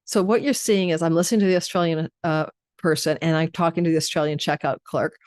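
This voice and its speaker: A woman's voice: low-pitched, steady tone, quick pace, a little mellow, no room sound, clean studio sound. A middle-aged woman, an astrology host, talking casually to her viewers and telling a rambling story with frequent restarts.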